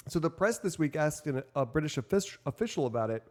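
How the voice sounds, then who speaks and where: A man's voice: on the high side, expressive, fast talker, hardly any pauses. A man co-hosting a casual podcast panel chat, talking loosely and laughing often. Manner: chatty, laughs often, mock voices. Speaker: podcast co-host.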